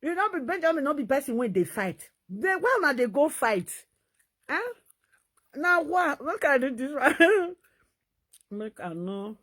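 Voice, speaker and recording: A woman with a Nigerian Pidgin accent, talking in an animated, laughing vlog commentary. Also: high-pitched, a little slow, long pauses. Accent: Nigerian Pidgin English. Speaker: vlogger.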